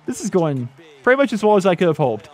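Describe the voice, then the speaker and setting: A man giving excited, chatty commentary over his own football video game, laughing and talking straight to his viewers. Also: high voice, fast talker. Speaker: gaming YouTuber.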